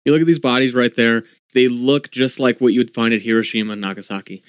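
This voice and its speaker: A man's voice: mid-range voice, fairly even intonation, fast talker, no echo. A man co-hosting a casual podcast, thinking aloud and reading bits of articles as he talks. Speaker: podcast co-host. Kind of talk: casual chat.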